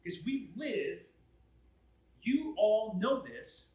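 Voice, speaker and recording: A young man giving a casual Bible talk to a college group, animated, acting out quotes and asking the room questions. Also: high voice, slow. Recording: echoey room.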